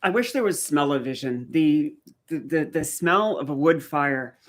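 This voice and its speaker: A man's voice: a little high, animated, a little slow, noisy background. A man from rural eastern Canada hosting a live stream in casual chat, telling stories and answering viewer comments. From rural east coast of Canada.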